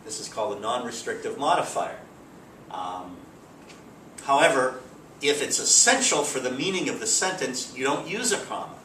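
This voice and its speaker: A man teaching a grammar lesson in a relaxed, explanatory way with frequent fillers, recorded from a distance. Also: medium pitch, moderate pace. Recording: roomy, distant mic, faint background hiss.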